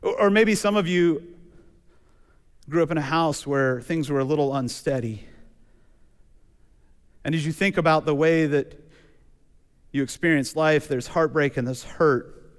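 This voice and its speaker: A man preaching a sermon in a relaxed, conversational way, telling stories and acting out quotes. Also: fairly high pitch, a little slow, long pauses, clear, resonant tone. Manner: conversational, animated storytelling with acted quotes. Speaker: pastor. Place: church sanctuary. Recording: church hall reverb.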